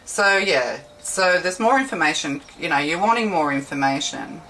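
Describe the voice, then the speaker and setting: Low-voiced woman rambling through a tarot reading. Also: expressive, normal speed, fairly bright tone. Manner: rambling, chatty, self-correcting. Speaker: tarot reader. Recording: slightly distant mic with faint background hiss.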